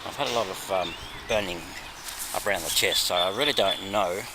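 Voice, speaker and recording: A man with an Australian accent, hoarse and losing his voice, chatting in a rambling vlog with many ums and little laughs. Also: low-pitched, brisk. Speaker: vlogger. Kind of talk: casual vlog chat. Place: walking outdoors. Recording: outdoor background noise.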